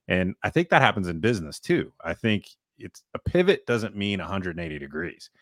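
A man's voice: low-pitched, very animated, a bit bright, no room sound, clean studio sound. A man co-hosting a podcast, making emphatic points with analogies and frequent "right?" checks. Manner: emphatic, explains with analogies and quick rhetorical "right?". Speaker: podcast co-host. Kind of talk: casual podcast chat.

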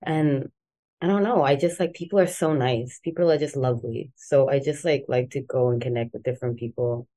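A young woman from South Africa with a softened South African accent, chatting casually as an interview guest, rambling with many fillers. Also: rumbling low, fairly quick. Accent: South African, softened toward American. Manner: relaxed, rambling, many "like" fillers, laughs easily. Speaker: guest, musician.

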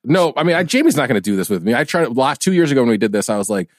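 A man's voice: mid-range voice, very animated, rapid-fire, no room sound, studio quality. A man co-hosting a podcast in casual chat, teasing playfully and laughing often. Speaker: podcast co-host.

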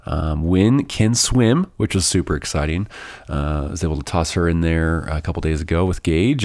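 Host type: young adult man, deep voice, congested from a cold, loose chatty podcast delivery full of ums and restarts. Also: a little mellow. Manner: rambling, many fillers and restarts. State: stuffy from a summer cold. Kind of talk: casual solo podcast intro.

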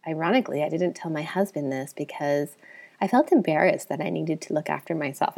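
A woman's voice: low-pitched, gravelly, darkish tone. A woman in her thirties, a psychologist hosting a podcast, talking candidly in a confiding, reflective way. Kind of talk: personal reflective podcast talk.

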